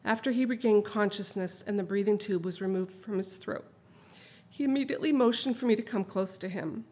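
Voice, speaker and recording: A middle-aged woman reading her own memoir aloud in an earnest, heartfelt, steady way. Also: medium pitch, brisk, breathy edge. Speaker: memoir narrator.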